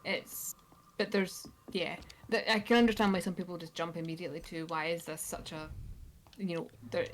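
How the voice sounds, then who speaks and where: A Scottish woman chatting casually on a live stream, telling animated stories. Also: lowish voice, moderate pace, slight background noise. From Scotland. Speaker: podcast guest. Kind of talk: casual chat. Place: live stream, home setup. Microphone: stream mic.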